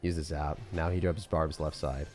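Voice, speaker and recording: A man's voice: a bass voice, little pitch movement, normal speed, darkish tone, soft background music. A young man giving loose, jokey live commentary on his gameplay as a streamer, full of slang and sudden outbursts. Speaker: gaming streamer.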